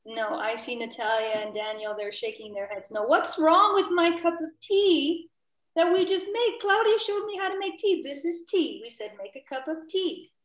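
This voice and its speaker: A woman from the southern United States leading an online workshop, lively and playful as she quizzes the group with questions. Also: high voice, moderate pace. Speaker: workshop trainer. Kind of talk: interactive online teaching. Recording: echoey room.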